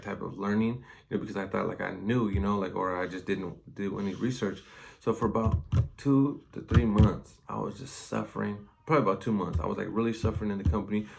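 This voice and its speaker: A man's voice: on the low side, creaky, a little hiss or hum. A salesman talking casually and loosely, full of fillers, as he gives advice on sales. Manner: conversational, loose, heavy on fillers. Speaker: inside salesman.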